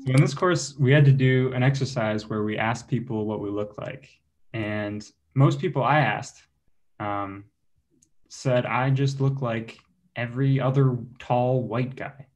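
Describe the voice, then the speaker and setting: A man's voice: mid-range voice, fairly even intonation, measured pace. A young man doing a self-deprecating stand-up comedy set for an online show, chuckling between his jokes. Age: young adult. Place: online show, home setup.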